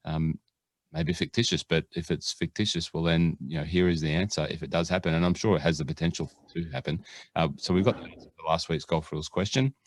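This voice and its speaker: A man's voice: low-pitched, fairly even intonation, fairly quick, no room sound. An Australian man hosting a podcast, chatting in a jokey, rambling way full of fillers. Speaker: podcast host. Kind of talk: casual podcast chat.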